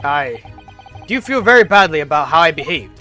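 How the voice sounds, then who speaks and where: A grandiose Victorian detective, theatrical and self-assured, as a man puts him on. He declaims in a high, bright, animated voice. Faint music sits behind. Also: moderate pace. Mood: pompous. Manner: pompous, grandiose.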